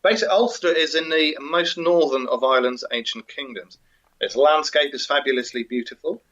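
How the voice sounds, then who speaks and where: A man's voice: a little high, fairly quick, fairly bright tone. A male co-host of a live show, chatting and reading a folk tale with dry humor. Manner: dry, jokey storyteller. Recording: dull lo-fi audio.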